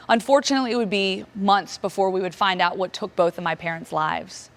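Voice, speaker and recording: Keynote storyteller: woman in her thirties, from Virginia, emotional delivery with dramatic pauses and voice leaping up in moments of shock. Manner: emotional, dramatic pauses, rising pitch when reliving shock. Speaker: keynote speaker. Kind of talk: personal storytelling talk.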